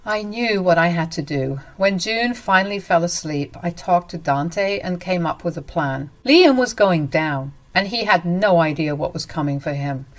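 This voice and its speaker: An earnest woman narrating a first-person story with indignation. Her voice sits somewhat low. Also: lively intonation, normal speed, few pauses.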